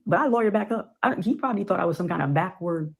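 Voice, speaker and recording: A woman from Ohio speaks as a podcast guest, her voice low and husky. She talks emphatically, circling back and repeating words to drive her points home in a loose, conversational way. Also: expressive, fast talker, low-quality recording. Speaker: guest filmmaker. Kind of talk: casual podcast talk.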